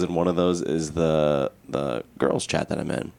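A man's voice: a bass voice, level tone, normal speed, gravelly, hardly any pauses, a little mellow, clear, resonant tone. A man co-hosting a podcast, telling a personal story in a candid, rambling way. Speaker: podcast co-host. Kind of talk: casual podcast chat.

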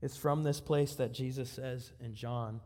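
A youth pastor preaching a sermon with passion, swinging between hushed tones and soaring appeals. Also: male voice, medium pitch, fairly even intonation, unhurried. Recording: long hall reverb.

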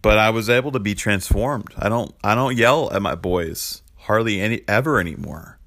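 A man's voice: on the low side, normal speed, fairly bright tone. A man in his thirties preaching a sermon in a loose, confessional way, full of "like" and "man", who speaks as a pastor. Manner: conversational and confessional, lots of fillers like "like" and "man".

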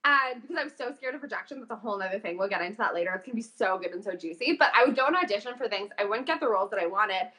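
Chatty young woman, bright voice. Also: mid-range voice, very fast, few pauses. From Calgary, Canada. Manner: chatty, animated storytelling with frequent fillers. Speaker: guest, voice actor and coach. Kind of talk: casual interview chat.

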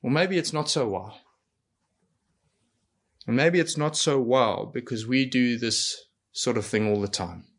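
A man's voice: mid-range voice, unhurried, long pauses. A man preaching a sermon in an earnest way, asking rhetorical questions and acting out quoted lines. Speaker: pastor.

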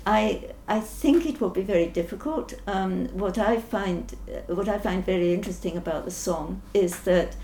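An older woman scientist answering interview questions thoughtfully, pausing often with ums and restarting sentences. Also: mid-range voice, mellow. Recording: roomy echo, faint background noise.

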